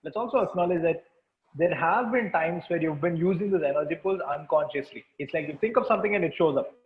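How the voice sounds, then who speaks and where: A man with a slightly raised voice leads a webinar, greeting guests and then guiding a slow, repetitive visualization. The sound comes through a thin, phone-like video call line. There is a roomy echo around his voice. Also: a little high. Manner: calm, repetitive instructions. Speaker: webinar facilitator. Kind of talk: guided energy exercise and group chat. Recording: tinny call audio with room echo.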